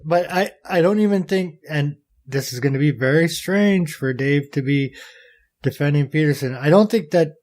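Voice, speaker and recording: A man's voice: fairly high pitch, darkish tone. Blunt, joking male podcast host. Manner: blunt, profane, teasing. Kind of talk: casual podcast chat.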